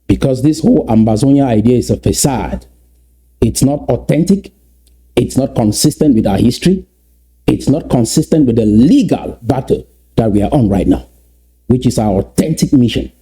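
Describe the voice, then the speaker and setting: A man's voice: mid-range voice, lively intonation, moderate pace, mellow, breathy edge. A man giving an impassioned address to his community, emphatic and repetitive, with many rhetorical questions. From Southern Cameroons. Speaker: political speaker.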